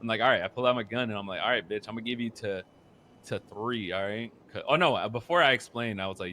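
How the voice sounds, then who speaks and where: A young man casually recounting a roleplay story, profane and animated, dropping into low mutters when quoting people. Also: fast, a little hiss or hum. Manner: profane, animated, quotes others in muttered voices.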